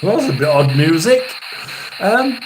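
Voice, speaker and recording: Older guy doing a psychic reading live, slow and stop-start, keeps clearing his throat, lots of background hiss. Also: on the high side, big pitch swings. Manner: halting and rambling, clears throat often. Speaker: psychic medium. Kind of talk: live tarot and spirit reading stream.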